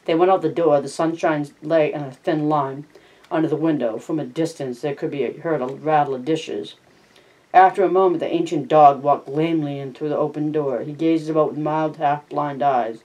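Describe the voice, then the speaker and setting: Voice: mid-range voice, fairly even intonation, moderate pace, darkish tone, recorded from a distance, dull audio. A plain narrator reads a novel aloud for a study guide. Now and then they stop to give short remarks of their own. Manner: plain reading with brief remarks. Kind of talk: reading aloud with personal asides.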